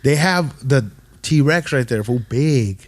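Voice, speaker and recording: A man's voice: medium pitch, animated, slow pace. A man hosting a casual podcast chat, telling stories in slang and acting out the people in them. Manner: slangy storytelling, acts out quoted voices. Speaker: podcast host.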